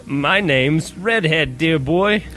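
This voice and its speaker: A man voicing a pompous male villain disguised as a British gentleman, with a hammy put-on posh accent and squawking "meh" noises. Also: fairly high pitch, lively intonation, unhurried. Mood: smug.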